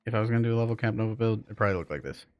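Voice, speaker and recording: A man's voice: fairly low pitch, rapid-fire, clear, resonant tone, dry recording, dull audio. A man streaming a game, chatting loosely with his viewers and rambling with lots of fillers. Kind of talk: casual live-stream chat with viewers.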